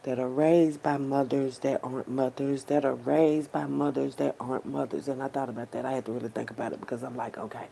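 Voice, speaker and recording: A woman's voice: extremely low pitch, steady tone, fairly quick, creaky, hardly any pauses, warm tone, a little hiss or hum. A woman speaking straight to her viewers in a heartfelt, unscripted monologue, repeating herself often and using heavy slang and swearing. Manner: repetitive, slangy and profane, addressing viewers directly. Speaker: vlogger.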